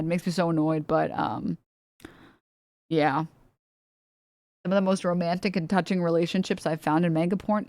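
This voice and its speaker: A woman's voice: fairly low pitch, normal speed, long pauses, darkish tone, dry recording. A woman streamer ranting casually, rambling with lots of "like", swearing and laughing often. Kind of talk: casual livestream rant. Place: home streaming setup.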